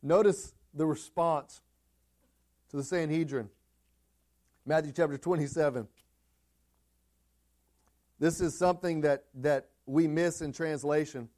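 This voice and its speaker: A man preaching a sermon with a notably high voice. He talks emphatically, pushing some lines loud and pulling others down low and quiet. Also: steady tone, unhurried, long pauses. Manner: emphatic, swings between loud peaks and quiet drops.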